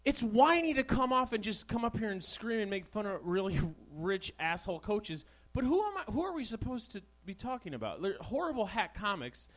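A young man hosting a small live comedy show, talking into a handheld mic in a crude, sarcastic ramble. His voice sits high and leaps up and down with lively energy. He drifts loosely from bit to bit. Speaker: talk show host. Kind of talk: stand-up monologue. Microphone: handheld stage microphone.

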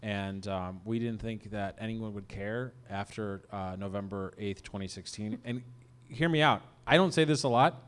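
A man's voice: fairly low pitch, moderate pace, clean tone. A man hosting a podcast, chatting casually and trading sarcastic, ironic jokes with his guest. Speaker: podcast host. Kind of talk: casual comedic chat.

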